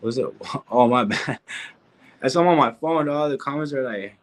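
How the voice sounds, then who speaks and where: A man's voice: medium pitch, moderate pace, rough recording. A man, talking in a casual live-stream rant, slangy and repetitive, peppering his talk with street asides and restarting his sentences. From California. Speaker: reaction streamer.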